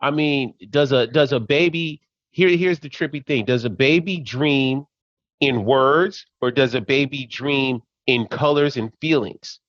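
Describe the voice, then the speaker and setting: A man co-hosting a podcast, musing animatedly in casual chat and quick to laugh. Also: mid-range voice, fairly bright tone, dry recording. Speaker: podcast co-host. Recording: dull lo-fi podcast audio.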